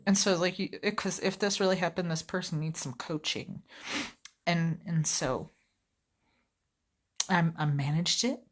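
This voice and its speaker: Woman, lowish voice, rambling casual work rant, easily sidetracked. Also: fairly even intonation, measured pace, pauses often. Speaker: vlogger, customer service rep.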